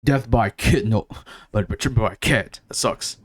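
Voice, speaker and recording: A man casually reacting while playing through a story game, excitable and quick to swear. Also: mid-range voice, slight background noise. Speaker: gaming streamer.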